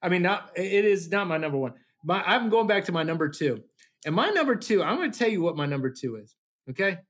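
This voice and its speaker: A man co-hosting a casual movie chat, riffing and teasing in a lively way. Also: a little high. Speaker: podcast co-host.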